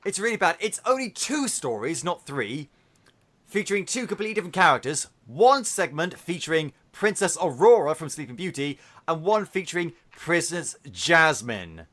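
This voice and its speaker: A man hosting a podcast, retelling a film in a casual, animated way with swearing. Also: a little high, moderate pace. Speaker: podcast host.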